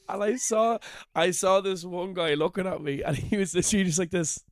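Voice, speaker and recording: An Irish man co-hosting a podcast, telling comedy stories in a casual, animated way, swearing and laughing as he goes. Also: on the high side, no echo, studio quality. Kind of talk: casual storytelling chat. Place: shed.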